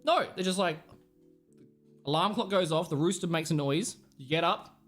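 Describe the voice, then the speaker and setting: A man's voice: a little high, normal speed, fairly bright tone, soft background music. A young Australian man streaming live, rambling through casual stories with plenty of swearing. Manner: rambling, profane storytelling. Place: home streaming setup.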